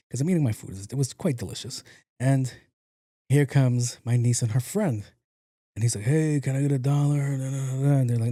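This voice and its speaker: Casual, warm-voiced male podcast host. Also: medium pitch, no echo, studio quality. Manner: animated, acts out quotes, profane. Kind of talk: casual storytelling monologue.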